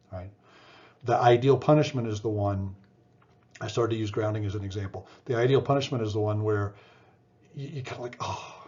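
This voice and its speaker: Middle-aged male lecturer, relaxed warm tone, chatty with restarts, lo-fi classroom recording. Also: lowish voice. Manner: conversational, many fillers and restarts, asks "right?". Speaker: psychology lecturer.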